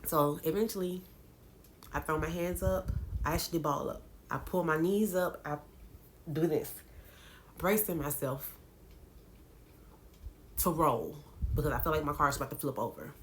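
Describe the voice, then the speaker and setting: A woman's voice: deep voice, moderate pace, long pauses, slight background noise. A woman vlogger, casually telling her viewers a dramatic story, with lots of laughs. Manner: animated, dramatic retelling with laughs.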